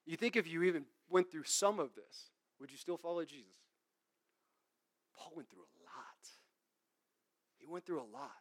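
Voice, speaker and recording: Male preacher with a high voice, animated and emphatic, mocks greed in sudden loud bursts. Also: normal speed, pauses often. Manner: swings from loud emphatic to quiet. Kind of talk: sermon.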